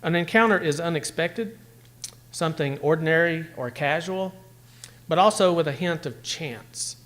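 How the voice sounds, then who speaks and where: A man giving a measured, deliberate talk that analyzes poems and reads them aloud at a poetry event. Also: fairly high pitch, a bit bright.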